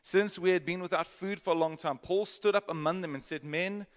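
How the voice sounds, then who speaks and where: A man's voice: sits high, brisk. A man preaching a sermon, reading scripture with dramatic emphasis and joking asides to the congregation. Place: church auditorium. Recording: long hall reverb.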